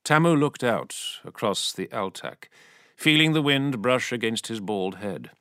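A man reading a story aloud as an audiobook narrator in a dramatic, expressive manner. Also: medium pitch, unhurried, clear, resonant tone, dry recording, studio quality.

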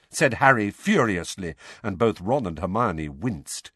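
Male audiobook reader, lively intonation, dry close studio sound. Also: lowish voice, measured pace, few pauses, breathy edge, dry recording. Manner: expressive storytelling. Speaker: audiobook narrator. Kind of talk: scripted narration.

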